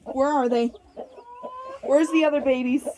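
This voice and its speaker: A woman's voice: high-pitched, fairly even intonation, measured pace. A woman narrating her farm chores casually, coaxing and exclaiming at her chickens. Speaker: farm vlogger. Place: outdoor chicken coop. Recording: loud farmyard background noise. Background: clucking hens and chirping chicks.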